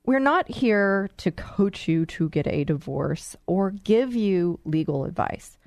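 A woman's voice: medium pitch, expressive, slow, a little mellow, no room sound, clean studio sound. A woman hosting a radio talk show, speaking in an earnest, encouraging way and telling stories to her listeners.

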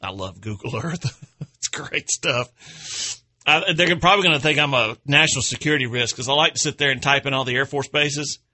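A man's voice: medium pitch, fairly quick, sharp tone. A man hosting an outdoors radio show, chatting in a rambling, folksy way and chuckling at his own stories. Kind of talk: casual radio chat.

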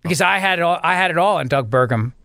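A male talk radio host with a notably high voice, riffing in a mock-melodramatic, self-mocking way. The studio sound is close and dry, with no room around him. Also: lively intonation, fast talker, vocal fry, sharp tone, no room sound.

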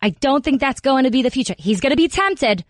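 Brief: a woman playing a pushy middle-aged Jersey mom, blunt and bossy, higher voice, dry studio sound. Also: lively intonation, a little fast, no echo. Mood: chatty. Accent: New Jersey. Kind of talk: comic impression on sports radio.

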